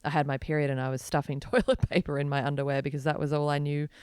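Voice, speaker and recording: A woman's voice: low-pitched, flat delivery, fast talker, darkish tone, clean tone, no room sound, studio quality. An Australian woman in her thirties, a podcast guest who speaks earnestly and frankly at length. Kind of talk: candid interview conversation.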